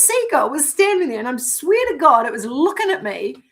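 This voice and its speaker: Chatty animated woman telling a story. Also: high voice, normal speed, few pauses. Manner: animated, giggly, swears casually, acts out her own quoted thoughts. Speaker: vlogger. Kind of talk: casual personal storytelling.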